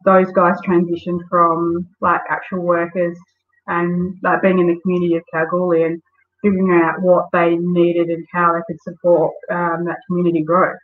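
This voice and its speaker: A woman's voice: on the low side, completely flat delivery, normal speed. Woman on a tinny call line. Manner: storytelling, lots of fillers. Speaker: guest. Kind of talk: casual interview. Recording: tinny phone-like call audio.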